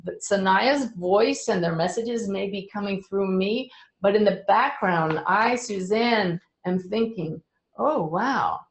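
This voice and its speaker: A middle-aged woman who is a medium, speaking earnestly to a webinar audience with gentle humor. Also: mid-range voice, measured pace, echoey room, rough recording.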